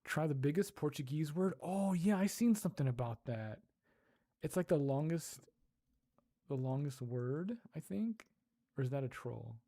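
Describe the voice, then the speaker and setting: An ASMR livestreamer chatting casually with viewers, soft-spoken, curious and quick to giggle. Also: mid-range voice, animated.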